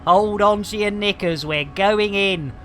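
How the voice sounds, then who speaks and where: A man's voice: high voice, measured pace, a bit bright. A man livestreaming a space game, chatting casually with viewers in a cheeky, playful way and full of hammy exclamations. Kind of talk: casual chat with chat shout-outs. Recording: faint game music behind.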